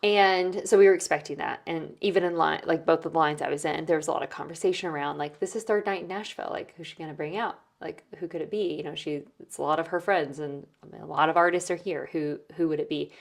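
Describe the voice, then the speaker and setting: Female host, low voice, casual storytelling recap, filler-heavy. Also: fairly even intonation, fast, gravelly, hardly any pauses. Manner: chatty, many "like" and "um" fillers. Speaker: podcast host.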